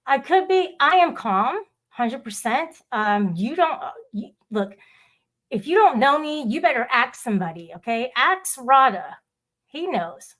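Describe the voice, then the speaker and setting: A woman's voice: sits high, sing-song, unhurried, fairly bright tone. A woman hosting a casual livestream, rambling and swearing as she talks back to her viewers' chat. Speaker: livestream host.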